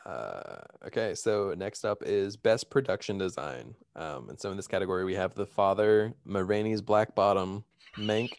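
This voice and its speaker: A man's voice: low voice, normal speed, gravelly, darkish tone, clear, resonant tone, no echo. A man hosting a casual podcast chat, reading out award nominees and laughing often. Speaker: podcast host.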